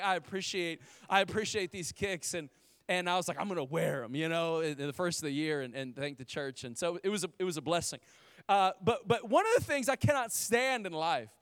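A man in his thirties preaching with a high, bright-pitched voice. He talks to the congregation like friends, full of restarts and quick asides. The sound is dry and close to the mic. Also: dry recording. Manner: energetic, conversational, frequent restarts and "like". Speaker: pastor. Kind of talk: sermon.

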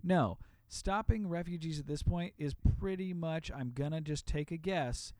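A man's voice: fairly high pitch, unhurried, dark tone, dry recording. A man co-hosting a podcast, chatting casually with hesitant, self-deprecating restarts. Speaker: podcast co-host. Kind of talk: casual chat.

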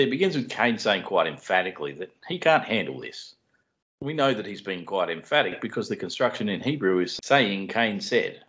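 A man speaks in a low register as he works through scripture with calm, methodical explanation and a dry wit. The recording sounds somewhat dull and lo-fi. He is a podcast co-host. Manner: measured, explanatory, dry humor. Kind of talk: teaching Bible study podcast.

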